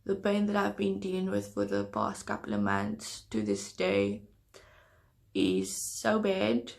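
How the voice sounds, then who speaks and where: A woman's voice: lowish voice, sing-song, takes it slowly, vocal fry, a little mellow. A young woman talking to camera in a personal storytime vlog, hesitant and earnest. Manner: hesitant, earnest confessional talk. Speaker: vlogger.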